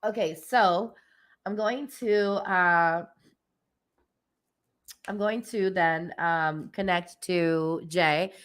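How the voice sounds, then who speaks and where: A woman's voice: lowish voice, steady tone, extremely slow, long pauses, fairly bright tone, smooth. A woman hosting a spiritual livestream, chatting casually and giggling often, with lots of fillers. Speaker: livestream host and spiritual reader.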